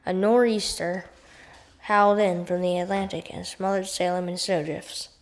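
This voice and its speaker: A woman reading a chapter book aloud at a careful, steady pace, now and then going back over a word. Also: on the low side, normal speed. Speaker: audiobook reader. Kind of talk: read-aloud storybook narration.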